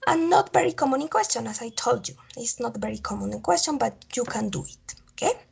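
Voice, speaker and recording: High, husky woman teacher. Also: expressive, a little fast. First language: Spanish. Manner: repeats each example, checks understanding with "okay?". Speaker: English teacher. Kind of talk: online grammar lesson.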